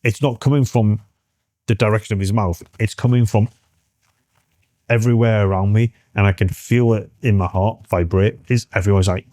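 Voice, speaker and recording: A British man in his forties, a military veteran telling a story in an interview, halting and restarting as he acts out what others said. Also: fairly low pitch, fairly even intonation, warm tone, no room sound, clean studio sound.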